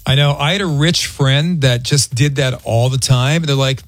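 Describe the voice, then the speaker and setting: A man's voice: medium pitch, moderate pace, no room sound, clean studio sound. A man hosting a morning radio show, teasing his co-hosts and callers in casual banter. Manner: playful, teasing, leads the banter. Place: radio studio.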